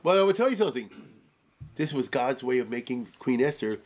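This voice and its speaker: Male Torah teacher, informal class, animated, keeps checking in with rhetorical questions. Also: mid-range voice, a little fast.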